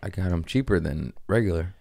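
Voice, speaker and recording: A man's voice: low-pitched, fairly quick, gravelly, warm tone, no room sound, studio quality. A man hosting a podcast in casual chat, talking loosely with lots of swearing and restarts. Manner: loose and profane, with trailing restarts. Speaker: podcast host.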